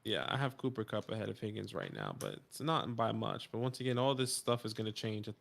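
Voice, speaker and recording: A man's voice: on the low side, animated, fairly quick, vocal fry, fairly bright tone. A man from New York with a New York accent, co-hosting a live stream, joking around and reading chat comments aloud. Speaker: co-host.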